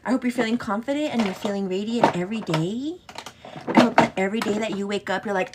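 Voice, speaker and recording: A woman of medium pitch talks fast in a very noisy recording. She hosts a casual get-ready-with-me makeup show, chatting affectionately and greeting viewers in a sing-song way.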